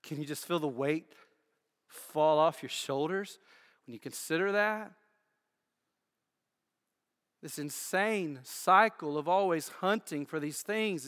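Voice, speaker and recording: A man preaching a sermon as pastor, building phrases in repetition and dropping from loud declarations to hushed lines. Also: fairly high pitch, unhurried. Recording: echoey hall with long reverb.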